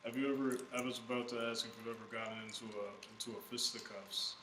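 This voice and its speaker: A man's voice: medium pitch, fairly even intonation, fast talker, sharp tone. A man who is a guest comedian, chatting casually and making dry quips while gaming. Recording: echoey room with faint noise.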